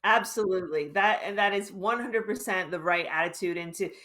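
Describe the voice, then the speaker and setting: A woman's voice: medium pitch, a little fast, fairly bright tone. A woman author as interview guest, earnest and explanatory, thinking aloud as she talks. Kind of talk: casual interview chat.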